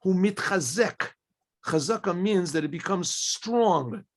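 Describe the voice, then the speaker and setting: A rabbi teaching a Torah class speaks haltingly, restarting phrases, clearing his throat often, and posing questions to himself that he then answers. His voice is high-pitched and expressive.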